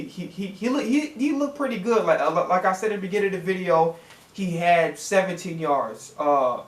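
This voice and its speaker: A man ranting profanely as a sports reaction vlogger, exasperated and swinging his pitch up and down as he talks. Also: a bit bright, echoey room.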